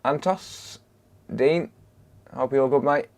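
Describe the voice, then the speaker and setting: A man talks slowly and easily in a casual live-stream chat. He reels off viewers' names in greeting and answers the chat with laid-back banter from his repair bench. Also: mid-range voice.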